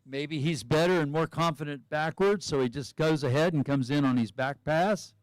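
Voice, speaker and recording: A man calling a live sports event with a slightly high voice, talking through each run in a relaxed, chatty way. He speculates aloud about what the athletes might do next. His voice is close and dry, with no room sound. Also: normal speed, no room sound. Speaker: commentator.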